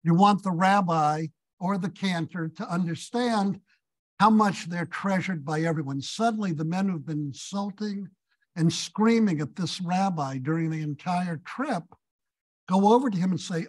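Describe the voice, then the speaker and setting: A man giving a lecture as a visiting scholar, telling stories and leading an audience discussion with thoughtful pauses. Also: high voice, low-quality recording. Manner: storytelling, thoughtful, hesitant fillers. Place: synagogue hall.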